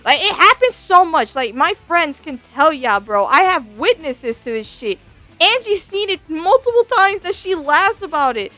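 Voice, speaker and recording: A woman's voice: very high-pitched, moderate pace, faint music behind. A woman VTuber telling a story in a casual, slangy rant, swearing freely. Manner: animated, slangy, swears a lot.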